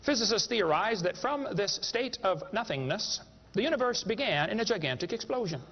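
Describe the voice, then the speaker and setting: A man's voice: high voice, sing-song, brisk, a bit bright, slight background noise. A man giving a humorous lecture to a live audience, a folksy, joking storyteller. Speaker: creationist speaker. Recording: echoey hall, dull lo-fi sound.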